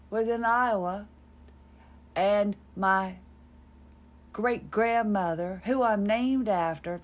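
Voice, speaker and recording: A woman, telling a rambling personal story on her podcast in a wry, self-deprecating way. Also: medium pitch. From North Carolina, USA. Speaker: podcast host.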